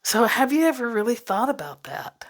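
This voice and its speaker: A woman's voice: a little high, sing-song, normal speed. A woman hosting a solo podcast, talking casually and reflectively, laughing often and dropping into whispered asides. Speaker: podcast host.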